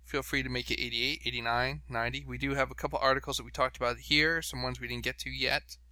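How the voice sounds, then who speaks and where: A man's voice: medium pitch, flat delivery, fast talker, pushed and bright, no echo. A man hosting a podcast in casual chat, reading out web pages and laughing along. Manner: chatty, reads out web pages, laughs often. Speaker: podcast host.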